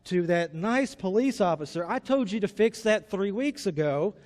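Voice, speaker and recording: Outspoken, tattling wife, as a pastor puts her on; scolding manner, high voice, chapel echo. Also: expressive, moderate pace, a little mellow.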